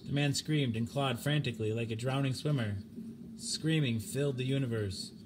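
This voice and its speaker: A man narrates a science fiction short story in a measured, grave voice of ordinary pitch. He reads steadily, like a home audiobook recording, with a soft hiss of noise underneath.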